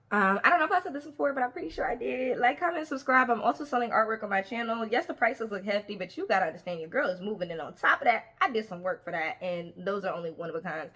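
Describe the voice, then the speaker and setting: A woman's voice: medium pitch, pushed and bright. A young woman giving opinionated casual commentary on a reality show, stressing points by repeating words.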